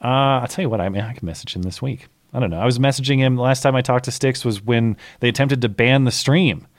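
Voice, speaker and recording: A man's voice: medium pitch, fast talker. A man co-hosting a live-stream talk show, speaking casually with hesitations and restarts. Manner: hesitant, restarts, qualifies his points. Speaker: podcast co-host.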